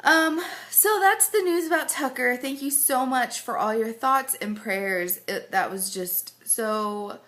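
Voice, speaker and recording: A woman's voice: on the high side, slow pace, few pauses, fairly bright tone. A pregnant woman giving a rambling, casual update to camera, full of fillers and close to tears at times. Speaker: vlogger.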